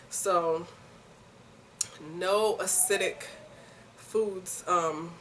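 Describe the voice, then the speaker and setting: A woman's voice: on the low side, far from the mic, slight background noise. Chatty young woman vlogging from home. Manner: chatty, animated, laughing, lots of fillers. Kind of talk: casual pregnancy update vlog.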